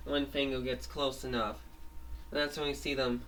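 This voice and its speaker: A man's voice: mid-range voice, level tone, moderate pace, fairly bright tone, recorded from a distance, slight background noise, rough recording. A man retelling a made-up episode in a rambling way, full of restarts. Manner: rambling, many restarts and fillers. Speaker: storyteller.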